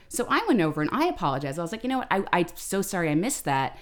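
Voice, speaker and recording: A woman co-hosting a podcast, telling stories in a lively, ranting, freely swearing way. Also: lowish voice, fast, hardly any pauses. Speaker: podcast co-host. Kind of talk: casual chat, storytelling.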